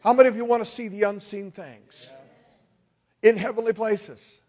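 A man's voice: high voice, fairly even intonation, moderate pace, darkish tone. A male pastor preaching a sermon, emphatic and calling on the congregation to respond.

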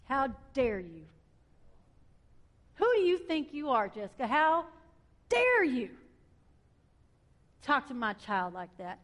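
A woman puts on the voice of God, a stern male figure who scolds and commands. The voice sits high and never softens its rebuke. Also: sing-song, slow pace, long pauses, exaggerated voice.

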